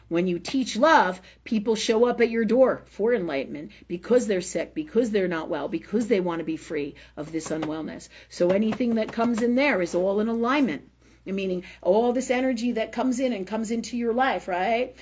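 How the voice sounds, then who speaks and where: A woman with a fairly high, slightly mellow voice and a breathy edge hosts a live spiritual talk forum, unscripted on a livestream. She speaks emphatically, swears freely and keeps asking "right?". The audio sounds dull.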